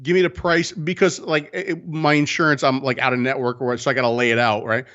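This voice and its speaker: A man telling a story in a casual podcast chat, animated and profane, acting out the people in it. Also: medium pitch, fairly quick, muffled recording. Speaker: co-host.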